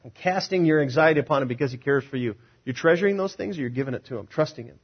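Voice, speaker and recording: A man's voice: medium pitch, lively intonation, quick pace, husky, highs cut off. A man preaching a sermon as pastor, asking the congregation questions and acting out the words of others.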